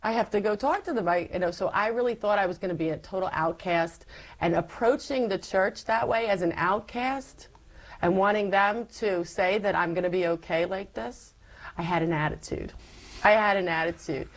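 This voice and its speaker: In a poor-quality recording, a woman with a mid-range voice speaks at a moderate pace while sharing her personal faith testimony as an interview guest. She tells her story animatedly, acting out conversations from her past.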